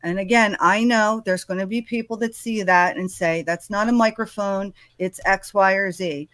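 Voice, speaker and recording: A woman hosting a true-crime commentary, talking in a speculative, conversational and often hushed way. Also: medium pitch, steady tone, normal speed, no echo, rough recording. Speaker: host.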